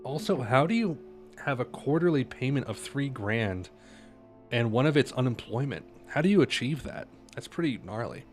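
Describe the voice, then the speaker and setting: A young man talks on a relaxed livestream, telling a story with wry, ranting asides at an average pitch. Faint music sits underneath his voice. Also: normal speed. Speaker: streamer reading manga live. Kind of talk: casual livestream chat.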